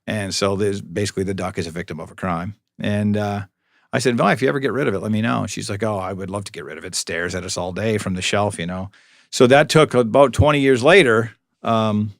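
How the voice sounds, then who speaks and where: A man's voice: fairly low pitch, vocal fry, dry recording. A middle-aged man, a police officer being interviewed, telling long anecdotes with dry humor and lots of restarts. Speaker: police public information officer, guest. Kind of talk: storytelling interview.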